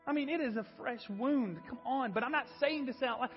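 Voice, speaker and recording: A man's voice: very high voice, a little fast, big-room sound, lo-fi sound, faint music behind. A man preaching a sermon in a church and sharing an earnest personal testimony. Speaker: pastor. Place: church sanctuary.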